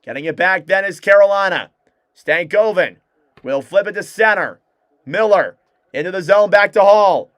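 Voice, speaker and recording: Excitable young man calling hockey play-by-play. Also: high voice, dry recording. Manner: rapid play-by-play, excitable reactions. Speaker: fan play-by-play commentator. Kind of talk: live hockey play-by-play commentary.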